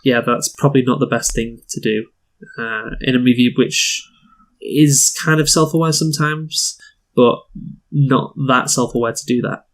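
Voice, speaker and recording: An opinionated man of middle pitch co-hosting a casual film review chat. He speaks bluntly and slips into put-on voices to act out lines he is picking apart. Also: steady tone, moderate pace.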